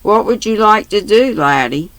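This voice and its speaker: A woman's voice: medium pitch, animated, moderate pace, no echo, pitched above the performer's own voice, close to an everyday voice, rough recording. A grandmother voicing a tender, moved mother. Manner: soft and moved.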